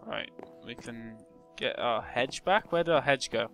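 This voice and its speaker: With music behind him, a young gaming YouTuber offers relaxed play-by-play of his game, joking at his own expense and humming and muttering as he plays. The voice is mid-range, creaky and a little bright, at a measured pace.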